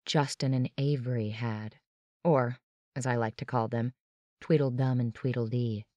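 A woman's voice: very deep voice, fairly even intonation, unhurried, darkish tone, no echo, highs cut off. A woman narrating a tense, dramatic first-person audiobook.

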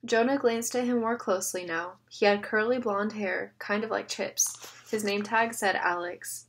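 A woman reading an audiobook aloud, with steady, measured storytelling. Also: medium pitch, slight background noise. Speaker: audiobook narrator. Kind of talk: scripted narration.

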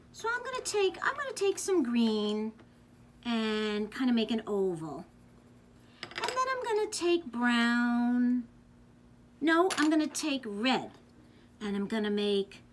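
A woman librarian leading a children's storytime, reading a picture book aloud gently and expressively, then showing a craft. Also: fairly high pitch, a little hiss or hum. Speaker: youth services librarian.

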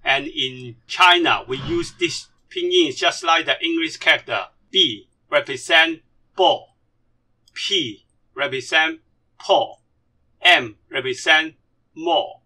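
A man whose first language is Cantonese teaches a language lesson in English. He speaks very slowly with a bright, sharp tone and a slightly raised pitch, drilling each syllable deliberately. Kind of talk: slide-based language lesson.

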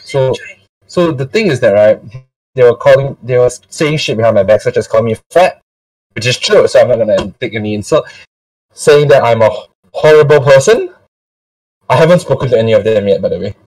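A man's voice: mid-range voice, animated, fairly quick, darkish tone, dry recording. A young man hosting a casual storytime chat. He laughs often, swears casually and drops Singlish particles into his speech. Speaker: storytime podcast host. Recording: dry sound from a distant mic.

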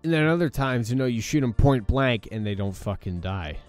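An exhausted young gaming channel host narrates his own let's play, swearing often and grumbling in frustration at the game. His mid-range voice is expressive, moderately paced, and a little mellow, with soft music in the background.

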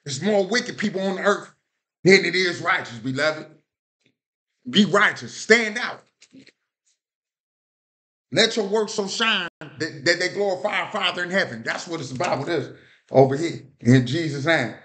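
A man's voice: a little high, lively intonation, unhurried, long pauses, pushed and bright. A man preaching a sermon in an informal style, often asking his listeners whether they heard him. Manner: preaches in a vernacular style, repeats "You hear what I said?".

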